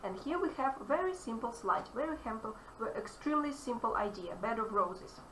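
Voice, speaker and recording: A woman with a Russian accent teaches English grammar in a bright, forceful voice that runs a little high. She leans on key phrases and repeats them for emphasis. The sound is roomy and echoey, picked up from a distance with faint noise. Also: expressive, fairly quick. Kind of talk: online grammar lesson.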